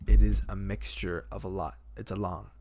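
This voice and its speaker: A man's voice: deep voice, little pitch movement, normal speed, warm tone. A young man hosting a podcast, casually retelling game scenes with lots of fillers and acted-out quotes. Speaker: podcast host. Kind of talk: casual chat.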